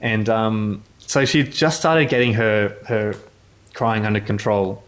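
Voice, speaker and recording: A man's voice: fairly low pitch, slow pace, a bit bright. A man, a journalist telling casual anecdotes in an interview, rambling with many restarts. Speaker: motorsport journalist.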